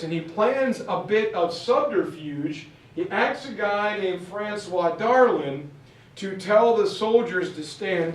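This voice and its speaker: Chatty male teacher telling history stories, casual delivery, distant mic. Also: high voice. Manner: chatty storytelling with fillers and asides. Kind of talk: casual lecture. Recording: echoey room, mic far off.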